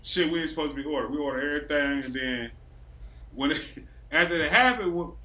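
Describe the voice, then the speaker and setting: A man's voice: on the high side, fast, pushed and bright, a little hiss or hum. A man from Racine, Wisconsin, a podcast host telling a story in loose casual chat, acting out the quotes and swearing freely.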